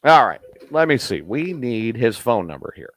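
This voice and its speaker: A man hosting a live show, chatting casually in a rambling, raunchy, excitable way. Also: medium pitch, normal speed, dry recording. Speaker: host.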